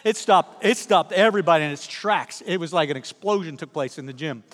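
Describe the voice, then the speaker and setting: A middle-aged male pastor delivers a sermon, animated and funny as he acts out the people in his own stories. His voice sits high for a man, and a long hall reverb trails behind every phrase. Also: brisk. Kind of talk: sermon with personal storytelling. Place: church sanctuary.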